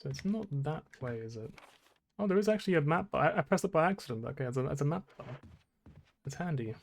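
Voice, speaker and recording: A man's voice: fairly high pitch, lively intonation, fast talker, creaky, a little hiss or hum. A young man casually commenting on his gameplay, rambling, swearing and laughing at himself. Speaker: streamer.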